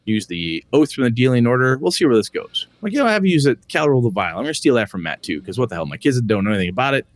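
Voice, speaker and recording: A middle-aged man co-hosting a podcast, chatting casually in an animated way and swearing freely as he tells stories. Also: mid-range voice, racing. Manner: animated, profane, storytelling. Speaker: podcast co-host. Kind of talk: casual chat.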